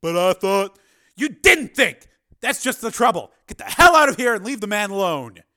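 A male narrator voicing a gruff, bossy man with a short temper who barks demands. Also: high-pitched, expressive, moderate pace, a bit bright, voice pushed up, heavily acted.

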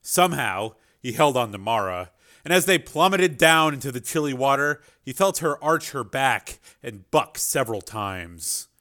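A man's voice: mid-range voice, lively intonation, moderate pace, bright, forceful tone. A man narrating a chapter of an adventure novel as an audiobook reader. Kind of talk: scripted narration.

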